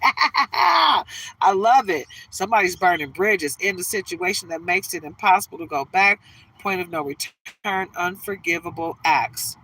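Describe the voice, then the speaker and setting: A woman's voice: on the low side, fairly bright tone, recorded from a distance, rough recording. A woman giving a tarot reading in casual chat, laughing often and drifting into stories, from a car. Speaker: tarot reader.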